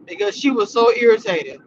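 A woman hosting a casual livestream about a reality show, talking in animated slang and laughing often. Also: fairly high pitch, normal speed, slight background noise. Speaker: entertainment reality-show review host. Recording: slightly muffled livestream audio.

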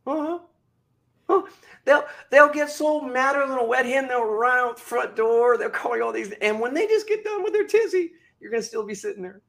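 A man talking as a podcast guest, with an animated, preacher-like delivery full of sudden drops and bursts. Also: very high voice, fairly quick, gravelly, hardly any pauses. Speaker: guest speaker. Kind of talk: motivational podcast talk.

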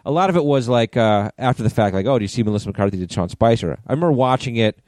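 A man's voice: medium pitch, fast, no echo, clean studio sound. A man co-hosting a podcast in casual, profane, joking chat. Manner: profane, animated storytelling. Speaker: podcast co-host.

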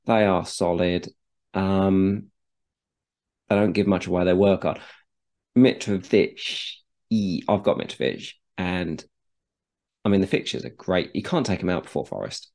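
A man's voice: sits low, a little slow, long pauses, a little mellow. A man in casual podcast chat about football, talking loosely and repeating words as he restarts. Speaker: podcast co-host.

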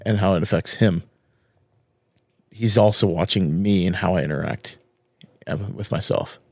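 A man co-hosting a podcast in casual chat, jokey and quick to laugh along. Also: sits low, darkish tone, no echo. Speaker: podcast co-host.

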